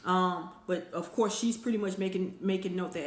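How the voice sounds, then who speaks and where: A woman hosting a weekly motivational live stream, speaking straight to her viewers in an energetic, conversational way. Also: fairly low pitch, normal speed, roomy sound.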